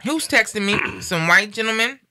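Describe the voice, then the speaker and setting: A woman's voice: mid-range voice, lively intonation, normal speed, sharp tone. A middle-aged woman hosting a casual talk show, speaking emphatically and from the heart, repeating phrases for weight. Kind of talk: casual chat.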